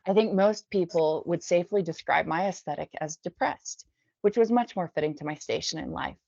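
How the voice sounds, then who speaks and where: A woman from the Bay Area, a podcast guest, reading her memoir aloud in a measured, subdued way. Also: fairly low pitch, creaky, a little mellow, dry recording. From San Francisco Bay Area. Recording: dull dry lo-fi recording.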